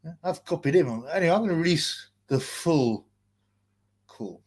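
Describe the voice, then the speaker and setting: A man's voice: on the high side, lively intonation, normal speed, background noise. A man hosting a casual livestream, rambling and mocking as he reads out greetings from chat. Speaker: livestream host.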